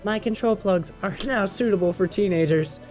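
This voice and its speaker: A man's voice: high-pitched, moderate pace, a little mellow, faint music behind, pitched above the performer's own voice, close to an everyday voice. A man voicing a gloating, regal robot queen villain in a game, speaking in a grand, mocking way.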